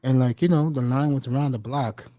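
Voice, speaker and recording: A man's voice: medium pitch, brisk, warm tone, no room sound. A middle-aged man telling stories casually, mimicking people and laughing often. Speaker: podcast host. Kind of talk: casual storytelling chat.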